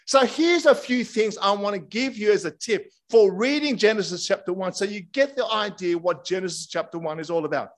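Lively high-voiced male preacher. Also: brisk, hardly any pauses. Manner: lively, chatty, engaging the congregation. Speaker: pastor. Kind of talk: sermon.

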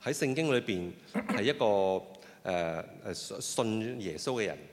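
A man interpreting a sermon phrase by phrase, often pausing with fillers and restarting his sentences. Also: lowish voice, lively intonation. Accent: Cantonese. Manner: hesitant, with frequent fillers and restarts. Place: church hall. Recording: long reverb of a hall.

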